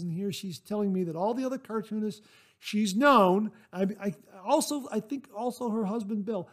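A man's voice: sits high, moderate pace. A man hosting a casual solo podcast, reading listener mail in a chatty, rambling way with lots of "uh" fillers and enthusiastic thanks. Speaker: podcast host.

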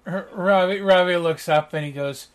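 A man's voice: high voice, moderate pace. A man narrating a tabletop game as game master, chatty and full of fillers. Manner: chatty with many fillers and restarts.

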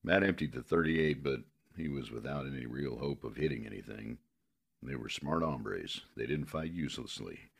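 A man narrating a western novel in a steady, measured way. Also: extremely low pitch, creaky, breathy edge.

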